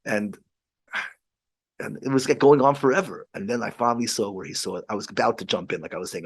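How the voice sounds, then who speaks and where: A rabbi telling a story in casual chat, halting with frequent restarts. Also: male voice, lowish voice, vocal fry, slightly rough.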